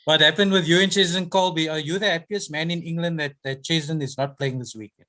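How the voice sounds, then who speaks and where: A man's voice: a little high, fairly even intonation, a little fast, bright, forceful tone. A man asking a player questions at a press conference in a friendly, teasing way. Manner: friendly, teasing, laughs easily. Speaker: reporter.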